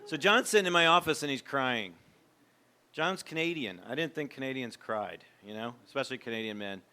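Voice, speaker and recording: A man's voice: mid-range voice, a little fast, bright, forceful tone. A man in his fifties, a former pastor, giving a candid, reflective, conversational talk to a men's gathering.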